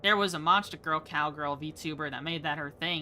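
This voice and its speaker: A woman's voice: sits low, moderate pace, pushed and bright, slight background noise. A young woman streaming a game, chatting casually and rambling from topic to topic, laughing often. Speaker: VTuber streamer. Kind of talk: casual live-stream chat.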